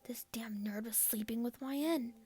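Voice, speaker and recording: A woman's voice: a little high, moderate pace, warm tone, slightly rough, faint music behind. A woman voicing a hot-tempered cursing young man. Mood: angry. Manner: brash, cursing.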